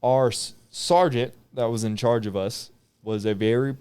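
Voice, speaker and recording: A man's voice: mid-range voice, steady tone, normal speed, darkish tone, clear, resonant tone. A man in his twenties, a former Marine guest on a podcast, telling comedic stories and laughing often as he goes. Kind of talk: comedic storytelling.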